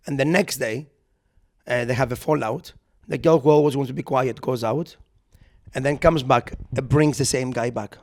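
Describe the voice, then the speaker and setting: A man co-hosting a podcast, telling a comic story in casual chat, animated and swearing, acting out the people he quotes. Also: medium pitch, moderate pace, creaky. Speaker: podcast co-host. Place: podcast recording.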